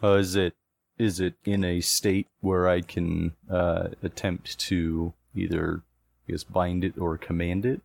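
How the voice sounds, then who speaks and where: A man's voice: low voice, little pitch movement, measured pace, vocal fry, a little mellow. A man playing in a tabletop game, thinking aloud hesitantly with many restarts. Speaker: player.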